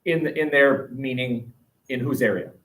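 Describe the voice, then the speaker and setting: A man teaching a history class, lively and questioning, recorded from across a classroom. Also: mid-range voice, a little slow. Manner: animated, asks the class questions, jokes. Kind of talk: classroom lecture. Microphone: webcam across the room. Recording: distant webcam sound.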